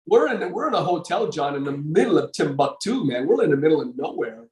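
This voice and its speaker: A man's voice: a little high, very animated, fast, darkish tone, roomy sound, far from the mic, low-quality recording. An older man, a former bodybuilder, telling a long story as a podcast guest, rambling with many fillers and restarts. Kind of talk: casual storytelling interview.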